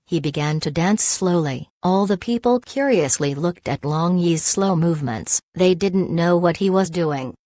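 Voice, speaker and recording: A woman with a low voice narrates a novel in an even, measured way. The sound is dry and close, with no room around it. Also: dry recording. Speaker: audiobook narrator. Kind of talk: scripted narration.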